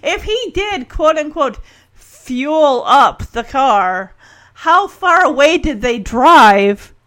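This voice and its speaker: A chatty woman riffs through a casual reaction commentary, animated and retelling the scene. Her voice sits high and bright, with wide swings in pitch. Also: slow. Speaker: video reactor.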